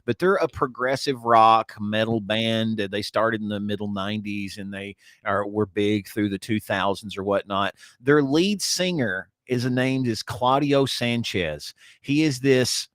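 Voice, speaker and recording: A man's voice: lowish voice, a little slow, hardly any pauses, fairly bright tone, no room sound. Man, co-host, casual morning chat, rambling, filler-heavy, dry close sound. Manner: rambling, with many fillers and restarts. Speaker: co-host of an internet show.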